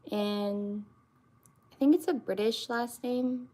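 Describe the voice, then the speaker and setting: A woman's voice: fairly high pitch, animated, very slow, pauses often, mellow. A young woman, chatting casually with her stream viewers in a rambling way, full of fillers and restarts. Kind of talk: casual live-stream chat.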